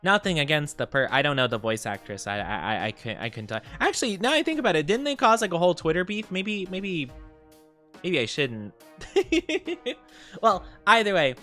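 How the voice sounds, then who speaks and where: Giggly, lively-voiced male streamer. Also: on the high side, moderate pace, soft background music. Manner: playful, giggly, lively rambling. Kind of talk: casual live-stream chat.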